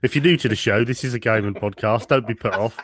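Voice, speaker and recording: A man, co-hosting a gaming podcast in casual chat, dry and easygoing with gentle teasing. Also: fairly low pitch, fast, noisy background. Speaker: podcast co-host.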